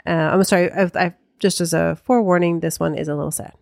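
Low-pitched woman podcast co-host, reads stories out loud, dry close sound. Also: fairly even intonation, fast talker, creaky, dry recording. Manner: reads listener accounts aloud, hedging with light laughs. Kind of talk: casual chat, reading a story aloud.

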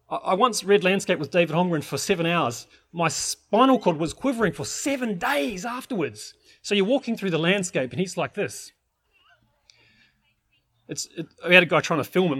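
A man's voice: high-pitched, lively intonation, normal speed, a bit bright, slightly rough. A man teaching permaculture in an enthusiastic, rambling way, with many restarts. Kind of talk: informal teaching talk.

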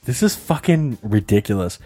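Animated male podcast co-host, casual storyteller, lively pitch, light laughter. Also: moderate pace, soft background music. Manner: animated, swearing, laughs often.

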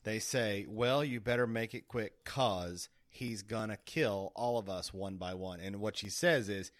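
A man with a somewhat low voice talks casually on a movie podcast. He gets emphatic and animated when he makes his point. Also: unhurried. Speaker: podcast co-host. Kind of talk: casual chat.

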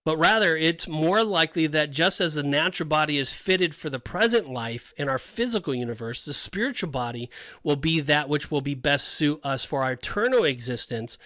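A man with a bright, ringing voice talks through Bible verses on a podcast, often restarting his sentences as he thinks aloud. His pitch sits a little high, and the sound is close and dry with no room echo. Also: lively intonation, moderate pace. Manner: rambling, restarts often, explains with scripture references. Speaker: podcast co-host. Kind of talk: casual Bible discussion.

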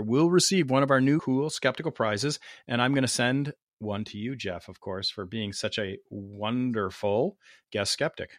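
An upbeat male podcast host chats his way through contest announcements. His voice sits at a middle pitch and sounds dry and close, with no room around it. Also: no echo. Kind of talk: casual podcast chat.

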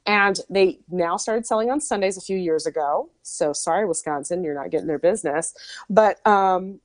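A woman's voice: lowish voice, normal speed, dry recording. A woman host from Minnesota chatting casually, telling a story with lots of asides and "like". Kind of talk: casual chat.

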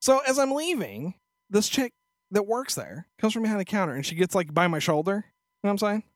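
A man's voice: high voice, big pitch swings, a little fast, no echo. A male podcast host telling a story in a crude, profane, sarcastic rant into a studio microphone. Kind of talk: casual ranting storytelling.

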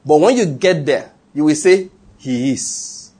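A man with a Nigerian accent, preaching a sermon and telling stories, animated and laughing, with call-and-response. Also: a little high, measured pace, breathy edge. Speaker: pastor. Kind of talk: sermon with storytelling.

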